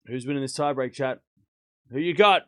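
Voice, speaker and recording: A man's voice: mid-range voice, normal speed, sharp tone, dry recording, studio quality. A man on a live stream, calling tennis points and chatting and teasing with his chat. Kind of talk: casual live-stream commentary.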